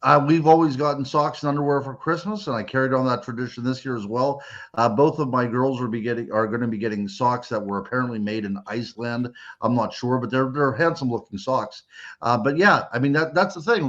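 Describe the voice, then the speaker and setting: A man's voice: mid-range voice, a bit bright. Middle-aged man from Western Pennsylvania, dull line. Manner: reflective, rambling, many fillers. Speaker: guest. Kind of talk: casual radio chat.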